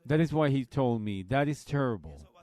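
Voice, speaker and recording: A man preaching a Bible study, slowly retelling a story and quoting others in a plain, folksy way. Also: medium pitch, sing-song, a little mellow, no echo.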